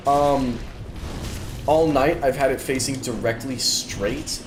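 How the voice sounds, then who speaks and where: A tired gaming streamer with a medium-pitched voice speaks slowly, yawning as he plays at a desk with monitors. His let's-play commentary is casual and self-deprecating, and he keeps repeating phrases. The room sounds roomy, with background noise.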